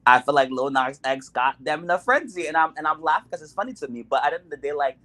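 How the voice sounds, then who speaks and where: A man on a podcast panel, talking in an animated, amused way with many stammers and restarts. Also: a little high, fast talker. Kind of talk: casual podcast debate.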